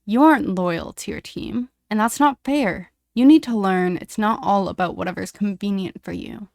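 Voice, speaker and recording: A woman's voice: medium pitch, normal speed, gravelly, darkish tone, no echo, lightly acted. A self-righteous young teammate who lectures and scolds, as read by a woman. The sound is close and dry. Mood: reproachful. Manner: reproachful, lecturing.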